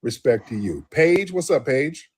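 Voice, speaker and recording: A man hosting a live call-in show, talking loosely and emphatically with drawn-out affirmations. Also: a little high, animated, breathy edge. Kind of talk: casual live call-in talk.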